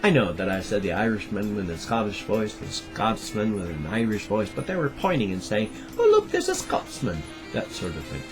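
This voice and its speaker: A man's voice: lowish voice, lively intonation, fairly quick, few pauses. A man in his fifties talking to camera in a rambling daily vlog, wry and darkly joking. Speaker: daily vlogger. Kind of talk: rambling monologue. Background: music.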